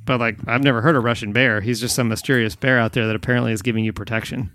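A man's voice: medium pitch, fairly even intonation, very fast, fairly bright tone. A man hosting a podcast in casual chat, rambling with frequent restarts. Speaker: podcast host.

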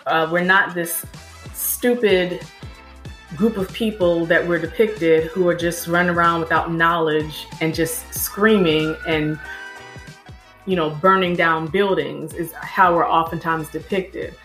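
A woman's voice: fairly low pitch, fairly even intonation, a little slow, fairly bright tone, soft background music. A woman answering interview questions in an emphatic, lecturing way, often listing examples. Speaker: guest. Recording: echoey room.

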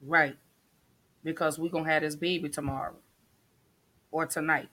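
Host, woman, lower voice, casual and supportive, lots of "right"s. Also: flat delivery, moderate pace, bright, forceful tone. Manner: supportive, frequent affirming interjections. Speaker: podcast host. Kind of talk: casual conversation.

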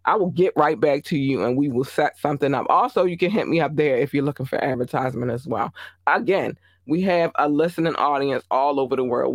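A woman's voice: deep voice, dry recording, clean studio sound. A woman in her thirties hosting her own podcast, talking bluntly in a sassy, venting monologue. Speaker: podcast host.

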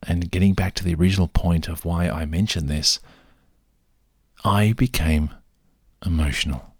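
A man's voice: sits low, steady tone, normal speed, husky, no room sound, studio quality. A man telling rambling, self-deprecating stories in a casual solo monologue.

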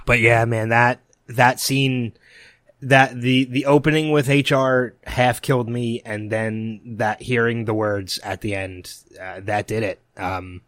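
A man's voice: lowish voice, a bit bright, no room sound. A man co-hosting a casual podcast, talking emotionally and rambling with frequent restarts. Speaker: podcast co-host. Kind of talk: casual chat.

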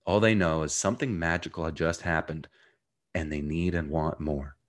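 A man speaking as a coach guest in a podcast interview, talking in an animated, emphatic way. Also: a bass voice, moderate pace. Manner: animated, emphatic, acts out clients' voices.

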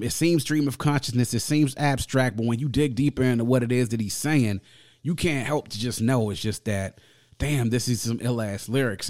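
A man's voice: medium pitch, darkish tone. A man reviewing a record on a podcast in a casual, enthusiastic way, with slang and frequent laughter. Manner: enthusiastic, slangy, laughs often, reads lyrics aloud.

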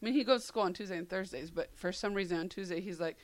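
A woman's voice: lowish voice, rapid-fire. A woman in her thirties co-hosting a radio show, telling stories with lots of laughter and acted-out quotes. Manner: laughing storyteller, acts out quotes. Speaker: radio co-host. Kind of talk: casual chat.

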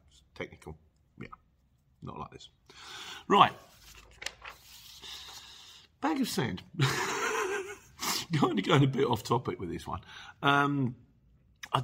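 Host, low husky voice, chatty and rambling while reading comments. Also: male voice, fairly bright tone. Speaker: channel host. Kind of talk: casual chat reading viewer comments.

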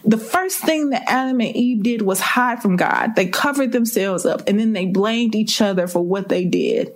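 A woman's voice: fairly high pitch, moderate pace, few pauses. A woman preaching a sermon with impassioned, repeated rhetorical questions.

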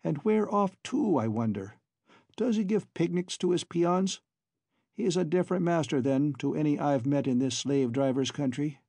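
A good-natured young Irish adventurer with a friendly brogue, as a male narrator puts him on. The voice is pitched a little above the narrator's own. It is recorded dry and close, with a husky, mellow tone. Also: lively intonation, normal speed, dry recording. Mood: wry.

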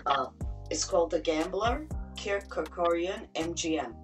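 A woman with a very low voice tells stories in a casual, emphatic way, swearing for effect. She sounds set back from the microphone. Faint music plays underneath. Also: a little slow. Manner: animated, emphatic storyteller who swears. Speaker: podcast guest. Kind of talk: casual storytelling. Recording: distant mic with faint music.

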